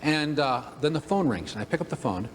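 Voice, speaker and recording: Animated older man speaking in a hall. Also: a little high, brisk, a little hiss or hum. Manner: animated, humorous storyteller. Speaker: motivational speaker. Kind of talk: storytelling keynote speech. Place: event room with audience. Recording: long hall reverb.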